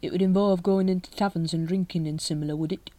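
A woman voicing a slow, bluff middle-aged male sergeant who talks in a ponderous way. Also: fairly low pitch, steady tone, dark tone, no room sound, natural voice.

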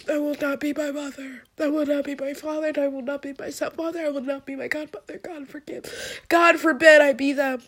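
A woman's voice: sits high, flat delivery, a little fast, a bit bright. A young woman crying as she talks through a personal vlog at home, raw, rambling and swearing. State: crying, sniffling. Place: indoors at home, in bed.

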